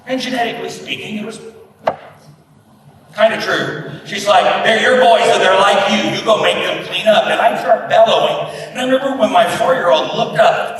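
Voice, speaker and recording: A middle-aged man giving a humorous keynote talk at a business breakfast, telling stories and acting out the voices of people in them. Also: extremely high pitch. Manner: storytelling, acts out quoted voices. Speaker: keynote speaker. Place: large event hall at a business breakfast. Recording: echoey hall from far off, with noise.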